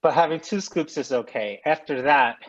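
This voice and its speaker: A man's voice: fairly high pitch, moderate pace, muffled recording. A man hosting a session, asking questions casually, thinking aloud with hesitant restarts and self-deprecating humor over a video call. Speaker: session host.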